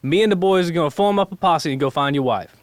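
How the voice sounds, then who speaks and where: A man's voice: quick pace, no echo, natural voice. A man putting on a hammy Cajun buddy. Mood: deadpan joking. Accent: Cajun, put on. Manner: hammy joke-telling, higher and louder. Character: Cajun man, worried friend organizing a search. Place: podcast studio.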